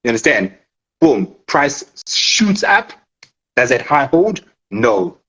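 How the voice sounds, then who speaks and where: A man's voice: on the high side, sing-song, takes it slowly, vocal fry, fairly bright tone, breathy edge, poor audio. A man explaining trading in a casual interview, emphatic, swearing and checking in with the listener. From South Africa. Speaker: forex trader.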